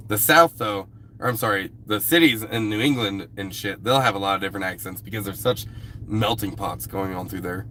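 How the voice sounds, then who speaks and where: A man talks to his livestream viewers in a somewhat low voice. He rambles in a loose, easygoing way and swears offhandedly. A faint background hiss runs under the speech. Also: pushed and bright. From US West Coast. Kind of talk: casual live-stream chat with viewers.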